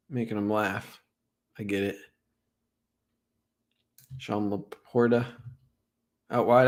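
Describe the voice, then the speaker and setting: Breaking down football film on a casual stream, a fairly low-pitched young man gets excitable and scatters "like" and "right?" throughout.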